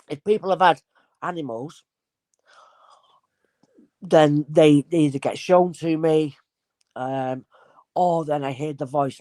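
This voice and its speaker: A woman's voice: low voice, no echo. Chatty woman medium, dry close mic. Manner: animated, acts out voices in anecdotes. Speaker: spirit medium guest. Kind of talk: casual storytelling conversation.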